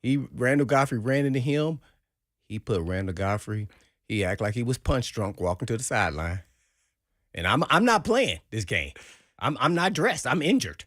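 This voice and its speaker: A man co-hosting sports talk radio, telling an animated story and acting out the quotes. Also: medium pitch, normal speed, no echo, studio quality. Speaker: sports radio co-host, former player.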